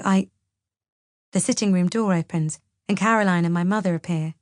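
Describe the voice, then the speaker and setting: A woman's voice: fairly low pitch, fairly even intonation, moderate pace, no echo, studio quality. A woman narrating a thriller audiobook in the first person, with a tense, bewildered delivery. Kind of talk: first-person novel reading.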